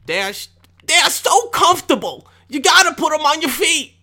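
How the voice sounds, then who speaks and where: Man doing a high, sweet young woman, coaxing and gushing. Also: very animated, normal speed, bright, forceful tone, heavily acted.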